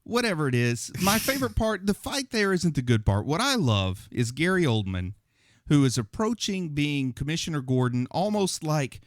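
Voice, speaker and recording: Animated, lively-pitched man on a podcast. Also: normal speed, dry recording. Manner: animated, breaks into playful impressions. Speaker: podcast co-host. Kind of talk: casual movie discussion. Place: podcast studio.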